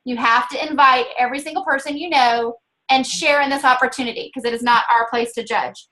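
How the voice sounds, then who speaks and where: A woman with a Southern US accent co-hosting a casual chat, earnestly coaching others on how to pitch a business. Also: fairly even intonation, brisk, sharp tone, poor audio. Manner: earnest, coaching, many fillers. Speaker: network marketing co-host.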